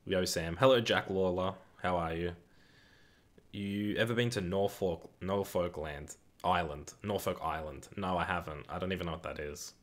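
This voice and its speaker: Young male streamer, low voice, casual football watch-along banter, excitable and sweary. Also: normal speed. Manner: excitable, swearing, reads chat aloud. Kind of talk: casual live-stream chat and commentary.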